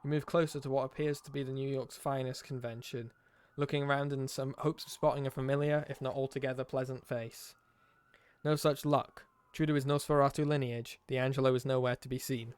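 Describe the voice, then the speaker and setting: A man streaming, reading a game's story aloud with expressive narration and wry asides. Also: medium pitch, brisk, smooth.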